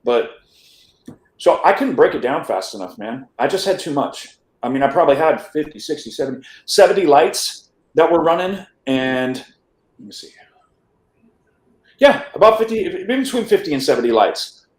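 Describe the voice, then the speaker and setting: Heard in an echoey room, the guest's slightly high voice has lively intonation and a normal speed. He tells his life story to the podcast in a loose, casual way, frequently restarting words and asking "right?".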